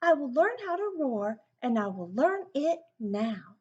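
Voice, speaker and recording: A woman's voice: high-pitched, big pitch swings, a little slow, darkish tone, lo-fi sound, pitched above the performer's own voice. A woman voicing a tiny, meek male brown mouse in a read-aloud storybook, timid, polite and eager. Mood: determined.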